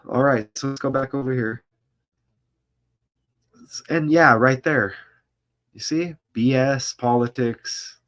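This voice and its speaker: A man's voice: medium pitch, fairly bright tone. A man vlogger reading a news article aloud and breaking off into commentary, stumbling over names and asking rhetorical questions.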